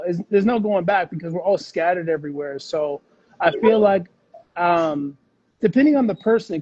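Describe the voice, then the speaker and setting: A man's voice: a little high, mellow, breathy edge, dry recording, dull audio. A man talking as an interview guest, rambling with fillers and restarts in casual conversation. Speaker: podcast guest.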